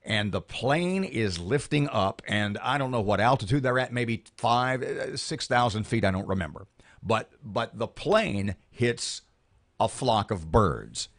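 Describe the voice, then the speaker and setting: A man's voice: lowish voice, animated, a little slow, fairly bright tone. A male morning radio host, telling a rambling story in casual chat on air. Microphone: studio microphone.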